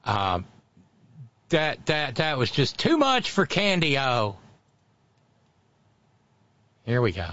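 A man's voice: medium pitch, very animated, slow pace, pauses often, a bit bright, highs cut off. A man hosting a podcast, giving sarcastic, mocking commentary in casual chat. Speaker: podcast host.

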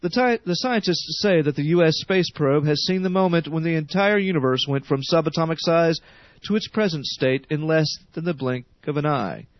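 A man's voice: on the high side, animated, moderate pace, no echo. A man reading the radio news with sardonic editorial asides. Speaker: news reader. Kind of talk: radio newscast. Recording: dry, dull radio studio.

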